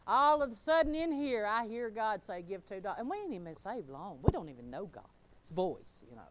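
A middle-aged woman pastor, preaching a fervent sermon that swings between loud exclamations and low, laughing asides. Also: big pitch swings, normal speed.

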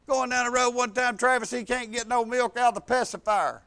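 An older man, a pastor telling family stories in a sermon and swinging from soft asides to bold, loud preaching. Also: very high voice, steady tone, fairly quick, clean tone. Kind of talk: storytelling sermon.

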